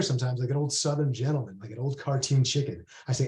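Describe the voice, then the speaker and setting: A man's voice: mid-range voice, fast talker, darkish tone, echoey room. A man, the author, reading aloud a rambling first-person monologue from his book, full of conversational asides.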